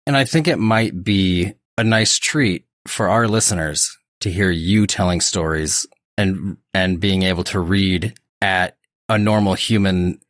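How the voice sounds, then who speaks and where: A wisecracking man trading quick deadpan quips as a podcast co-host. His voice sits on the low side. The recording is dry and close. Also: dry recording. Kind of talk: casual chat.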